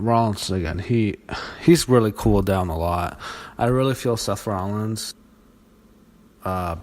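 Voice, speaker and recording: A man with a somewhat low voice rants through a wrestling show review. His delivery is heated and profane, breaking off into restarts and muttered asides. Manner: angry, profane ranting with frequent restarts.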